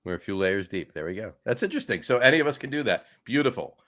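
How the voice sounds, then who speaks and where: A man's voice: fairly low pitch, lively intonation, fast, a bit bright. A man hosting a casual sports podcast over a remote call, upbeat and laughing often. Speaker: podcast host. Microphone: remote call setup.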